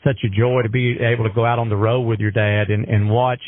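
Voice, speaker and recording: A man's voice: mid-range voice, flat delivery, a little fast, no echo. An earnest man talks in a folksy, emphatic way during a heartfelt radio conversation. His voice comes through a thin phone line with no room sound at all. He sits in a comfortable middle register.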